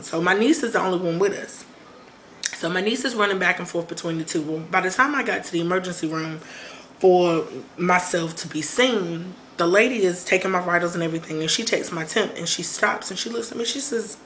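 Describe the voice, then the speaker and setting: A woman telling a personal story on her vlog, lively, acting out quoted voices. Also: fairly low pitch, slight background noise. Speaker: vlogger.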